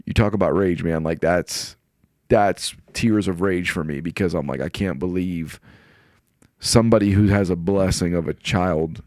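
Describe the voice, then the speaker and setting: A middle-aged man with a deep, low voice talks as a guest in a podcast studio. He tells personal stories in relaxed, casual chat, earnest and openly emotional. The sound is close and dry, with no room echo. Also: moderate pace.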